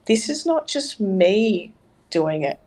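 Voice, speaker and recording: A woman's voice: medium pitch, very animated, slow pace, warm tone. Earnest rambling woman guest. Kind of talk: casual spiritual chat.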